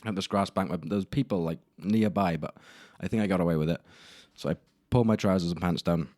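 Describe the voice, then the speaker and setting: A man's voice: low-pitched, a little fast, darkish tone, no echo. A young man hosting a solo podcast, telling embarrassing stories in a rambling, self-deprecating way with casual swearing. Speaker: podcast host. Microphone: camera mic in a room.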